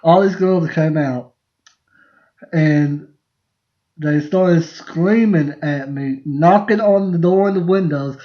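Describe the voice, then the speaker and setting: A man hosting a podcast speaks slowly in a slightly high voice during a casual live stream. He laughs his way through meandering family anecdotes, often starting sentences over, and the recording has a dull, lo-fi quality.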